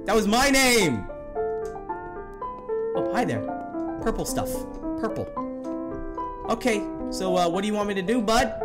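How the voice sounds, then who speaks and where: A man's voice: high voice, big pitch swings, normal speed, long pauses, music in the background. A young man commentating a horror game, joking, swearing and laughing nervously. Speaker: gaming YouTuber.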